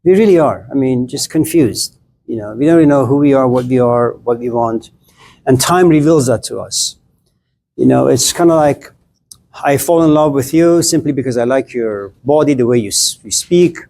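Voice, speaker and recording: A man's voice: medium pitch, moderate pace, creaky, darkish tone. A middle-aged man giving a casual, blunt classroom lecture on philosophy, chatting straight at his students and acting out little scenes.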